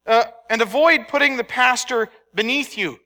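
Male pastor, high and bright voice, emphatic sermon delivery with a casual touch. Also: normal speed. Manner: conversational, emphatic preaching with anecdotes. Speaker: preacher. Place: church sanctuary. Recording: long hall reverb.

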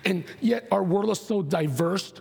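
A man, a pastor giving a sermon and prayer, his voice partly lost to allergies, talking in a halting way with many fillers and restarts. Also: sits high, gravelly, a little mellow, a little hiss or hum. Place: church sanctuary. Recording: long hall reverb.

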